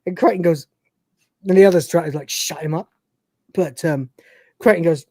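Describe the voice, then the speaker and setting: A man, co-hosting a casual review chat, animated and sweary, acting out lines from the show between laughs. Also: fairly high pitch, moderate pace, long pauses, no echo, clean studio sound. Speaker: podcast co-host.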